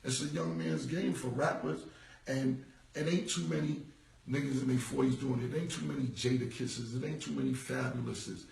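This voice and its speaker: A man's voice: medium pitch, steady tone, normal speed, vocal fry, darkish tone, echoey room, far from the mic, slight background noise, poor audio. A man in his forties in a casual livestream monologue, rambling and repeating himself in street slang. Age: 40s. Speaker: rapper. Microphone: phone.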